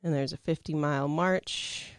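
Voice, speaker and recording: A man's voice: on the high side, steady tone, moderate pace, clear, resonant tone, no echo, studio quality. A young man in his twenties, co-hosting a casual chat, reading facts aloud with many fillers and restarts.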